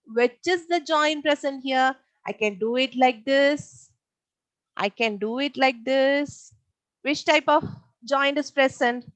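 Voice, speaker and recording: A young woman teaches an online class, her fairly high voice recorded close and dry. She repeats each point and keeps asking her pupils questions. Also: fairly bright tone, dry recording, poor audio.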